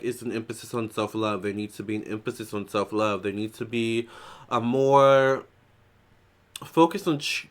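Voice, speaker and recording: Chatty man doing a tarot reading. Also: mid-range voice. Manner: chatty, loose, with many fillers and restarts; prays softly. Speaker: tarot reader. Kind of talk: casual psychic tarot reading.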